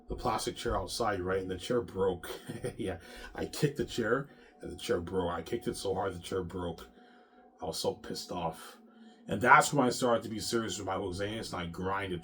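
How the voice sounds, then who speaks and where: A man's voice: low voice, normal speed, fairly bright tone, slight background noise. A man talking straight to his viewers in a rambling, repetitive rant, often swearing and circling back to the same points. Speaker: self-published author and vlogger.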